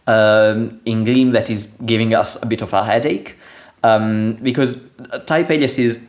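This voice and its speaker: A man's voice: on the low side, fairly even intonation, unhurried. A man talking as a podcast guest about programming, laughing often and restarting sentences with many fillers. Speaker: guest, programming language developer. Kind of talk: casual technical conversation.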